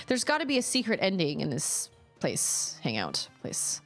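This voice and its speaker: A young woman talking casually with her chat while playing a video game, chatty and animated. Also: fairly low pitch, brisk, hardly any pauses. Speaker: streamer. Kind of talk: casual live-stream chat while gaming. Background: faint game music.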